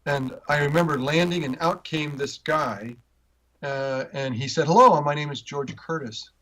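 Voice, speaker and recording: A man telling personal stories in an interview, earnest and rambling, with frequent restarts, rising in pitch when moved. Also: moderate pace, fairly bright tone. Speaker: interview guest, author. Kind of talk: personal storytelling in conversation. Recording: dull, muffled audio.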